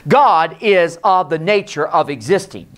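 A pastor giving an emphatic sermon in a church, sometimes hushed and sometimes shouting, and calling on the congregation to repeat his words. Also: fairly high pitch, lively intonation, measured pace, faint music behind. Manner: leads the congregation in call and response. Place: church sanctuary.

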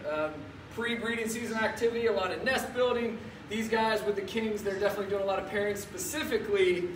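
A man presenting as a zookeeper, talking upbeat and chatty through a face mask inside a zoo birdhouse. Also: high voice. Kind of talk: casual educational live stream. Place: indoor zoo birdhouse with penguins. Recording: echoey room, distant mic, faint noise.

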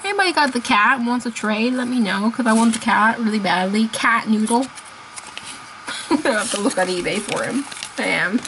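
A woman chatting casually as she unboxes toys, gushing and excitable, laughing often. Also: fairly high pitch, normal speed, slight background noise, poor audio. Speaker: unboxing vlogger.

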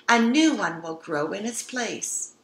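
A woman voicing a calm, patient mother pig who reassures her child. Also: medium pitch, measured pace. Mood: reassuring. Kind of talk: storybook read-aloud. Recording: roomy echo.

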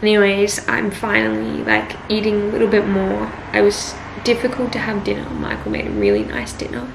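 A young woman talks briskly in a mid-range voice with big pitch swings and vocal fry, the background noisy around her. Worn out and weak from illness, she rambles chattily with lots of "like" in a casual vlog diary, first on a bus, then in a car.

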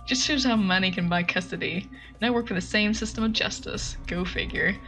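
Woman voicing a gruff male detective, grumbling, tough, faint music. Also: mid-range voice, a little fast, a bit bright, natural voice.

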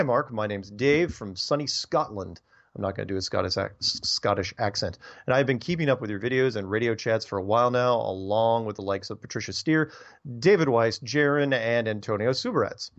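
A low-pitched man talks casually through listener mail, rambling and tripping over repeated words. The recording is dull and lo-fi, with the top end rolled off. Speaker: radio show host reading listener emails. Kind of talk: casual radio talk.

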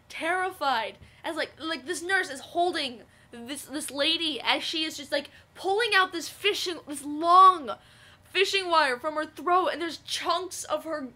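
A young woman vlogging, telling a story casually with lots of fillers and excitable outbursts. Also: high-pitched. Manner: rambling, filler-heavy, excitable.

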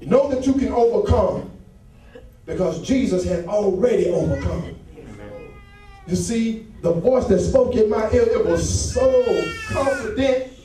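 A male associate pastor preaching a fervent sermon that swells into shouts, with call and response from the congregation. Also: high-pitched, lively intonation, measured pace. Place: church sanctuary. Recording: very echoey church hall, mic far off.

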